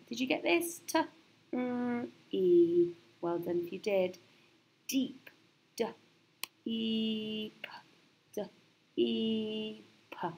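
A woman teaching a recorded phonics lesson to young children, spelling out sounds slowly and patiently encouraging them. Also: a little high, creaky, darkish tone.

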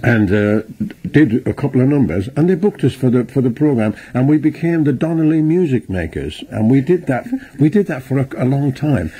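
A man's voice: medium pitch, animated, normal speed, few pauses, warm tone, husky. An older man with an Irish accent, chatting about his past and acting out the people he quotes. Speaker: interviewee, singer. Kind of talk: anecdotal reminiscing.

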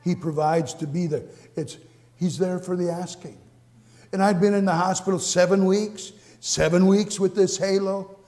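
High-voiced preacher in a reverberant church. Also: male voice, fairly even intonation, moderate pace. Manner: earnest, repeats phrases, swings between hushed and exclaiming. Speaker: pastor. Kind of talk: sermon with personal testimony. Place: church sanctuary.

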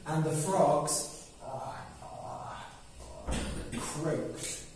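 A man's voice: on the high side, fairly even intonation, extremely slow, darkish tone, far from the mic, slight background noise. A man telling a simple story to English learners, explaining words as he goes and checking in with "okay?". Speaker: English teacher. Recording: very echoey room, voice away from the mic.

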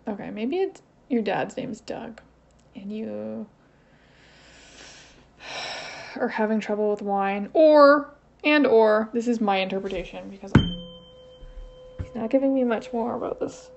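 Woman, slightly high voice, hesitant, thinking out loud, dull lo-fi sound. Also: unhurried, creaky, pauses often. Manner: hesitant, thinking aloud, self-questioning. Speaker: channeler. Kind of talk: casual solo channeling session. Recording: slightly dull lo-fi audio with faint noise.

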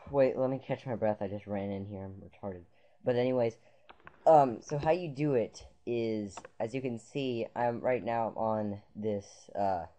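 A man's voice: medium pitch, warm tone. A man talking viewers through a computer tutorial in a loose, rambling way, full of "um"s, "uh"s and restarts. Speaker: tutorial maker. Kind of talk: casual screen-capture tutorial. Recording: dull lo-fi sound.

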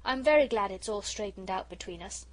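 A woman's voice: medium pitch, lively intonation, fairly quick, close to an everyday voice, rough recording. A woman reading an audiobook, voicing a proud young boy who talks in an off-hand, impatient way.

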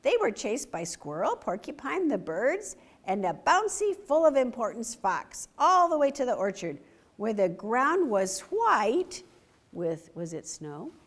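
A woman reading a picture book aloud to children, animated and stopping to ask them questions. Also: fairly high pitch, a little slow. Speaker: story time reader.

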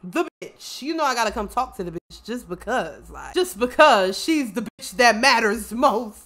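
A woman's voice: a little high, animated, normal speed, fairly bright tone. A woman streamer giving casual, profane let's-play commentary, often laughing and talking for her character in the first person. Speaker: gaming streamer.

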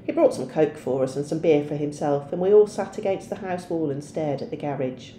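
A woman teacher reading a novel aloud in a steady storytelling voice. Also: sits low, fairly quick, echoey room, a little hiss or hum.

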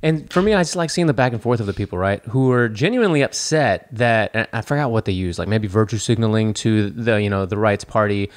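A man's voice: fairly low pitch, expressive, a little fast, hardly any pauses. Profane, wry male podcast co-host. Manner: profane, wry, rambling asides. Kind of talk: casual comedic chat.

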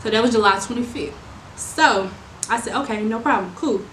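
A young adult woman telling a storytime to viewers, animated and exasperated, talking in slangy, casual speech. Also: a little high, brisk. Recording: roomy with steady background noise.

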